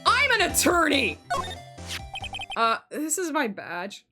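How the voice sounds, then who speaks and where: Lady reading as a nervous young lawyer dude, kinda high and eager, loud game music under it. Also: sing-song, a little fast. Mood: sheepish. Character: earnest young male defense lawyer.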